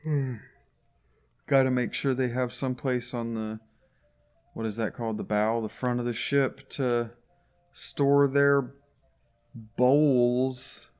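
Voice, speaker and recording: A man's voice: mid-range voice, steady tone, unhurried, long pauses, smooth. A man giving sarcastic, grumbling commentary while playing a video game. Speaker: gaming YouTuber. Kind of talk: casual let's play commentary.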